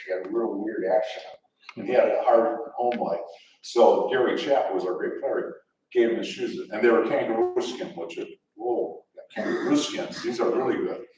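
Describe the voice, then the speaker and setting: A man's voice: fairly low pitch, a little mellow, slight background noise. An older man telling rambling, chuckling football stories to a luncheon audience, with many restarts. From Detroit area, USA. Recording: echoey event hall, distant mic.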